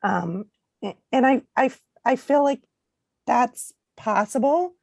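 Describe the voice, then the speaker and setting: A woman book artist speaking on a panel, earnest and halting, losing her voice and clearing her throat. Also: a little high, lively intonation, a little mellow, no room sound. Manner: earnest, repeats herself with "um"s. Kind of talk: panel discussion.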